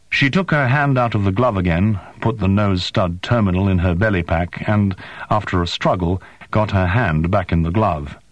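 A man narrating a science fiction audiobook in a measured, descriptive reading. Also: fairly low pitch, no room sound. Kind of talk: scripted narration.

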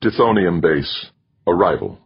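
Deep, husky male audiobook narrator. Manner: steady, measured reading. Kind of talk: scripted narration. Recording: dry, slightly muffled recording.

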